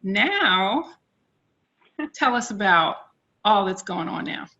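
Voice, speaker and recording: A middle-aged woman hosts an interview in a bright, forward voice, pausing often on fillers as she reads out viewer comments. The audio is a little dull and lo-fi, as from a video call. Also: medium pitch, big pitch swings. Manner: hesitant, many fillers, reading viewer chat. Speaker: host, board president. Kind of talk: interview hosting.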